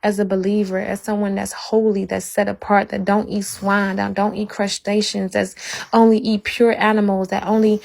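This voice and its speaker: Gravelly-voiced woman giving fervent testimony. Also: medium pitch, flat delivery, moderate pace, a little mellow. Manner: fervent, preachy, repeats phrases for emphasis. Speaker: guest. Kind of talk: impassioned religious testimony.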